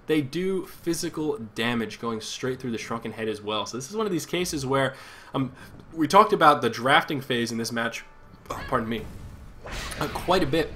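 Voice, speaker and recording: A man calling a live esports match on his own with a bright, forward voice at an ordinary middle pitch. He runs a chatty play-by-play, breaks off to think aloud and corrects himself without losing the thread. There is a faint hiss of noise behind him. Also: lively intonation, moderate pace. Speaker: esports caster. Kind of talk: live play-by-play game commentary.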